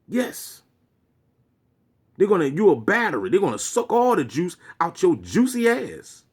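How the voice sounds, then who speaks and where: A man's voice: high-pitched, breathy edge. A man delivering a preachy, profanity-laced rant to his viewers as a vlogger. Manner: preachy, swearing, lecturing.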